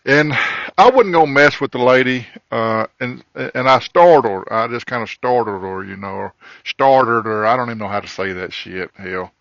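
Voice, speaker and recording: A man's voice: lowish voice, creaky, no echo. A man, a trucker hosting a podcast, telling a crude comedic story in a rambling, profane way, recorded in his truck cab. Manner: profane, rambling, animated in the quoted parts. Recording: dull lo-fi recording, dry.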